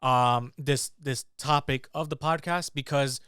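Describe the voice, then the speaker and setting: A man co-hosting a podcast in casual chat, easygoing and relaxed, with plenty of fillers. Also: medium pitch, measured pace, clean tone, no room sound, studio quality. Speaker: podcast co-host. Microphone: studio podcast mic.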